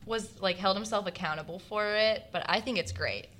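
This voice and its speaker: A young woman with a bright, ringing voice, chatting on a podcast. She is bubbly and excitable. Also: mid-range voice, moderate pace. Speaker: podcast co-host. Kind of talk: casual podcast chat.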